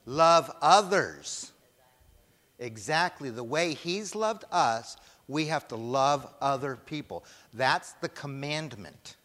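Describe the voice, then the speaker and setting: Slow emphatic preacher in a reverberant hall. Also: male voice, medium pitch, lively intonation, fairly bright tone. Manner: emphatic, asks the congregation questions and lets them answer. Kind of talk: sermon.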